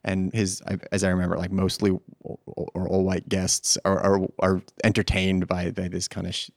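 Low gravelly guy hosting, stammers and restarts a lot, dry close mic. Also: completely flat delivery, normal speed, no room sound. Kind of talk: conversational film discussion.

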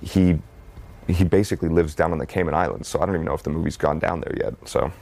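A man's voice: very deep voice, fairly even intonation, fast talker, vocal fry, darkish tone. A man talking as a guest in a casual interview, easygoing and rambling, with frequent restarts. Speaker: actor guest.

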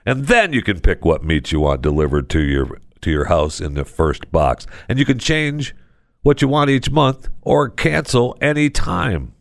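A man's voice: mid-range voice, big pitch swings, measured pace, creaky, dry recording, clean studio sound. A man hosting a podcast in casual talk, jokey and rambling, reading an ad in his own loose way and teasing himself. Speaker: podcast host.

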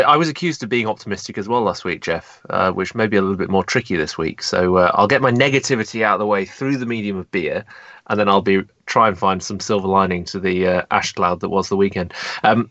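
A man's voice: lowish voice, fast talker, a bit bright, dry recording, dull audio. An English man co-hosting a podcast, rambling with lots of fillers and self-deprecating remarks. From England. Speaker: podcast co-host. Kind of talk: casual podcast chat.

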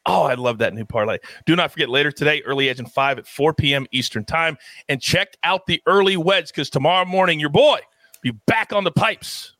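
A man hosting a sports betting show with energetic, playful hype and big swings in his delivery. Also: on the high side, a little fast, dry recording. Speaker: host.

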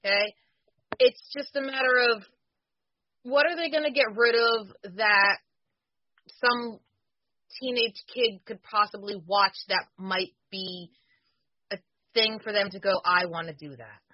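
A woman's voice: on the high side, a little slow, long pauses, no echo, highs cut off. Blunt woman, former wrestler. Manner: blunt, argumentative. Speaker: former wrestler, podcast co-host. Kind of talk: casual podcast chat.

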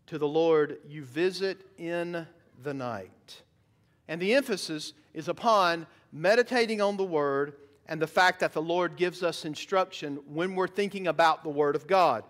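Emphatic preacher, high voice. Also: male voice, unhurried, fairly bright tone. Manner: emphatic preaching with rhetorical questions to the congregation. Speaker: pastor. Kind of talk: sermon. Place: church sanctuary.

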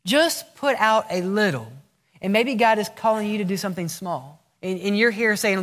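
This preacher's voice is high, expressive, and a bit bright, moving at a moderate pace. Addressing his congregation from a reverberant church sanctuary, he asks questions and answers them, acting out short prayers and replies.

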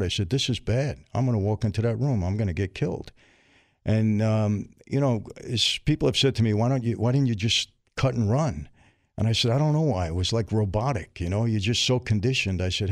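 A man's voice: on the low side, dry recording, clean studio sound. Streetwise New man telling stories. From New York. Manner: streetwise, vivid, acts out dialogue. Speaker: interview guest. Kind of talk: candid storytelling. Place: studio.

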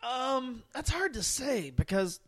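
A man's voice: extremely high pitch, sing-song, slow, a bit bright. A man co-hosting a beer podcast, talking casually, rambling and laughing as he goes. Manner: rambling, restarts often, laughs while talking. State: has the hiccups. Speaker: podcast co-host. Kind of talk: casual chat.

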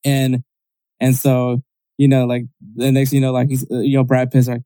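A man's voice: mid-range voice, flat delivery, brisk, warm tone, smooth, no echo. A man in casual chat, rambling as he retells a story, with many fillers and restarts.

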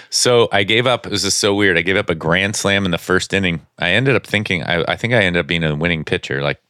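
A man with a very low, resonant voice rambles through a story in casual podcast chat. He is a former pitcher and keeps stopping to hunt for the right word. The sound is dry and close. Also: quick pace, pushed and bright, no room sound. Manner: rambling storyteller, searches for words. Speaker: former professional baseball pitcher.

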